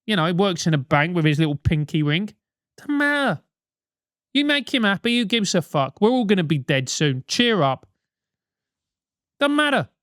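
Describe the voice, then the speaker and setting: A man's voice: high voice, sing-song, normal speed, fairly bright tone, no room sound, studio quality. A British man hosting a comic advice show, talking bluntly with lots of swearing and mockery. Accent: British English. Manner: profane, blunt, mocking.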